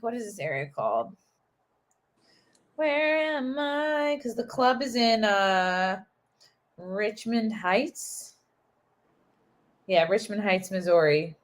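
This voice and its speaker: A woman's voice: medium pitch, a bit bright. A woman hosting a livestream, a stand-up comedian telling her road stories in a chatty, joking way. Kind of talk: casual livestream chat.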